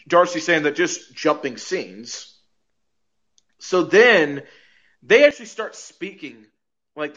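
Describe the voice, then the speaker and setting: A man's voice: a little high, pushed and bright. A man hosting a podcast, recapping an episode in a rambling, casual way, full of "like," restarts and frequent laughter. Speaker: podcast host. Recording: dull lo-fi recording with faint noise.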